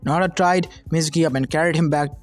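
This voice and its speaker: A man's voice: a little high, steady tone, fast talker. A man reading fan fiction aloud in a plain way with occasional slips. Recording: soft lofi music behind.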